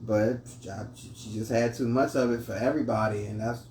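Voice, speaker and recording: A man's voice: mid-range voice, fairly even intonation, brisk, a little mellow. A man hosting a casual chat over drinks, laid-back and rambling. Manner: laid-back, storytelling with many restarts. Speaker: host. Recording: echoey room, voice from mic distance, faint noise.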